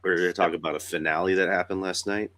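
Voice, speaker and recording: This podcast host is a young man speaking in a low-pitched, fairly even voice, talking fast with a sharp tone. He's got a cold that roughens his voice, and his casual chat rambles loosely, with the odd swear word.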